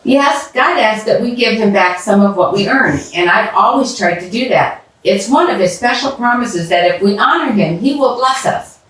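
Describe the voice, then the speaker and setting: A woman's voice: mid-range voice, expressive, normal speed, few pauses, a bit bright, voice pushed up, natural voice. A woman voicing a cheerful, devout young girl who talks earnestly and sincerely, recorded in an echoey room from a distance. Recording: roomy echo from a distance.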